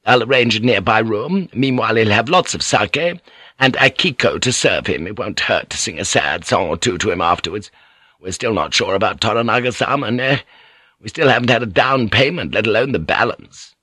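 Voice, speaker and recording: A man voicing a shrewd middle-aged brothel madam in an audiobook, brisk and commanding. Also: on the low side, expressive, pushed and bright, breathy edge, dry recording, clean studio sound, full character voice. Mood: scheming.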